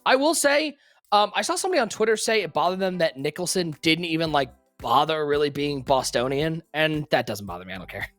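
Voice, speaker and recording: A co-host chatting casually on a live stream, rambling and animated, swinging between excited outbursts and quiet asides. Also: mid-range voice, fairly quick.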